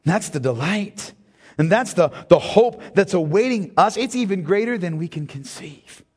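A man preaching a sermon as pastor, impassioned, swinging from hushed tones to near-shouting and calling his listeners beloved. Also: high-pitched, expressive, normal speed, breathy edge. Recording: long reverb of a large hall.

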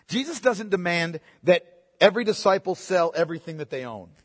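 A man preaching a sermon as pastor, swinging between loud emphatic bursts and hushed asides. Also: sits high, big pitch swings, fairly quick, breathy edge, big-room sound.

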